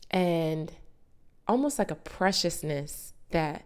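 A woman around thirty hosts a podcast and tells a personal story at an unhurried pace. Her voice sits a little low and comes through smooth and clear. She talks in a chatty, animated way, with asides to her listeners. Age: late 20s to early 30s. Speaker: podcast host.

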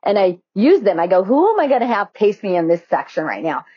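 A woman's voice: medium pitch, big pitch swings, fairly quick, breathy edge, dry recording. A woman guest on a podcast, talking earnestly in a casual interview and acting out the voices in her head. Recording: dull, slightly lo-fi dry sound.

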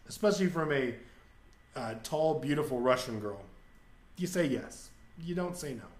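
A man's voice: a little high, lively intonation, normal speed, long pauses. Man telling a rambling story in an echoey room. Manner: candid, rambling anecdote with crude humor and acted quotes. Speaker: podcast host. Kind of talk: casual storytelling monologue.

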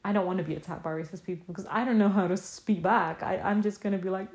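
A woman's voice: medium pitch, fast, few pauses, a little mellow. A young woman talking alone on her podcast, impassioned and emphatic, firing off repeated rhetorical questions. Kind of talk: casual solo podcast monologue.

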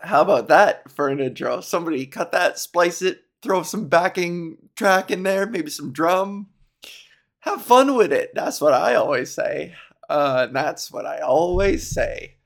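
Giggly rambling comedian hosting a podcast. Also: male voice, on the high side, a little slow, gravelly. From Ontario, Canada. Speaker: podcast host. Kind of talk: casual solo podcast chat.

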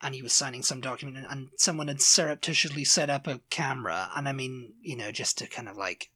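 A man co-hosting a podcast in casual chat, telling a story in an animated way and acting out the quotes. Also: mid-range voice, fast. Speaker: podcast co-host.

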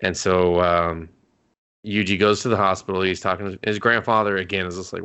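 Man, low voice, gravelly fry, rambling casual podcast chat, lots of fillers and swearing. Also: fairly even intonation, brisk, bright, forceful tone. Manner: rambling, many fillers and restarts, swears freely. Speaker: podcast co-host. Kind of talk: casual chat recapping an anime episode.

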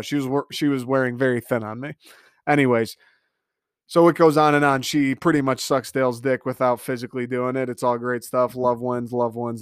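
A man's voice: medium pitch, dry recording. Ranting young man, dry recording. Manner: sarcastic, ranting, frequent swearing and filler "like". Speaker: podcast host. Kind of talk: casual solo reality TV recap.

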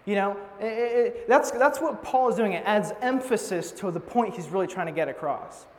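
A man's voice: sits high, normal speed, slight background noise. A young man preaching a sermon in a casual, joking way, telling stories and teasing out a passage. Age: young adult. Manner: casual, joking, animated storytelling. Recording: long hall reverb.

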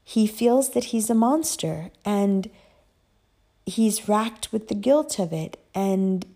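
A woman talking casually about a book series she loves, chatty and profane, telling the story with lively emotion. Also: medium pitch, slow pace. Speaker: book vlogger. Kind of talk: casual chat.

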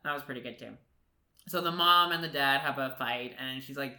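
Bright-voiced man recapping a movie. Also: mid-range voice, fairly quick. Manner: animated storyteller, laughs often, mimics characters. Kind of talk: casual movie recap chat. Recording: echoey room.

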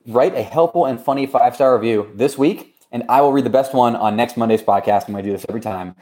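A man co-hosting a casual podcast, joking around while he reads reviews and runs through shout-outs and giveaways. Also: mid-range voice, fast. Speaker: podcast co-host. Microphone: remote recording.

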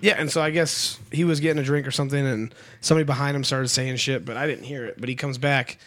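A young adult man telling a story in casual chat, animated and swearing freely. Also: mid-range voice, fast talker.

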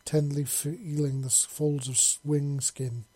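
A man's voice: fairly high pitch, flat delivery, unhurried, warm tone, slightly rough, no room sound. A man reading a fan-fiction story aloud in a casual way, with frequent slips and restarts. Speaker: narrator.

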